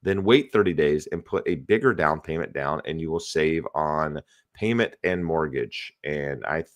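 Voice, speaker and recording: With a very deep voice and lively intonation, a man speaking at normal speed hosts a casual live podcast. He's upbeat and chatty, thanks his viewers, and reads out their questions. He is also a real estate agent.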